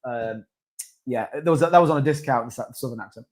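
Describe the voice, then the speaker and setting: A man's voice: mid-range voice, brisk. A man hosting a crypto livestream, talking casually and rambling with restarts and asides. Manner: rambling, chatty, with many restarts and asides to chat. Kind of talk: casual live-stream market commentary.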